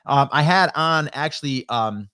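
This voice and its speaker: A man's voice: a little high, expressive, measured pace, sharp tone, clear, resonant tone, no echo. Chatty man on a dry studio mic. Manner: rambling, many fillers and restarts; reads viewer comments aloud. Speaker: live stream co-host. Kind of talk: casual live-stream chat. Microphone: studio dynamic microphone.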